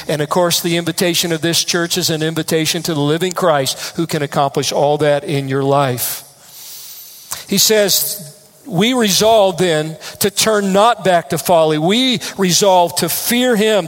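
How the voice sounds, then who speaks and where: A man's voice: high voice, fairly bright tone. A man preaching a sermon from the United States, earnest and emphatic, stressing key phrases through repetition. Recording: long hall reverb.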